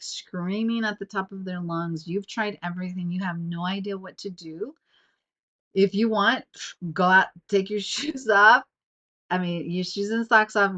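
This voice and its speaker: A woman in her thirties sits alone and records her podcast herself. Her voice sits a little low. She rambles through fillers and restarts, and her nose is slightly sniffly. The sound is dull and lo-fi, like a home recording. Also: bright, forceful tone. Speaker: podcast host. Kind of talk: casual reflective monologue. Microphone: self-recorded on camera.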